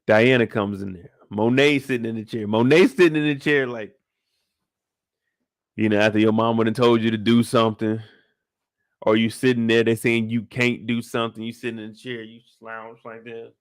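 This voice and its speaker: A man hosting a casual episode recap, animated and profane, firing off rhetorical questions. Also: medium pitch, moderate pace, no room sound, studio quality. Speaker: show recap host.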